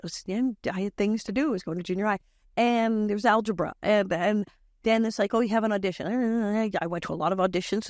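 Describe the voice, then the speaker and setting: Animated older woman telling stories. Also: medium pitch, no echo, clean studio sound. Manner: animated, acts out voices in quoted lines, laughs often. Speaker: guest, former child actress. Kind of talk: casual podcast storytelling.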